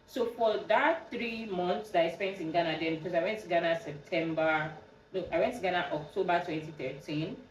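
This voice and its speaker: A young Nigerian woman hosting a podcast, telling a personal story in a casual, animated way. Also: fairly low pitch, moderate pace, roomy sound, recorded from a distance, lo-fi sound, a little hiss or hum. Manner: animated, acts out quoted dialogue with a raised voice. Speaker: podcast host.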